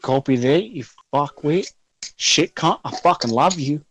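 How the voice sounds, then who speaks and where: A man's voice: a little high, animated, measured pace, a little hiss or hum. Profane teasing man in his thirties. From Australia. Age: 30s. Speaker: video call participant. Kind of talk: casual banter on a video call. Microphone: video call.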